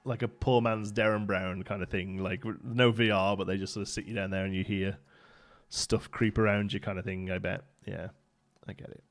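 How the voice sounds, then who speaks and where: A man's voice: fairly low pitch, level tone, moderate pace. A young man chatting casually and rambling as he plays and builds on a live stream, laughing often and answering chat.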